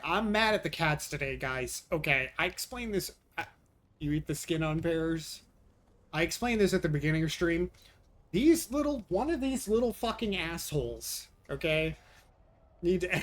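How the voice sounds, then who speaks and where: A man's voice: sits high, fairly bright tone. A young man streaming live, chatting with viewers and venting in an exasperated, profane way. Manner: exasperated, swearing, answering chat. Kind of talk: casual live-stream chat.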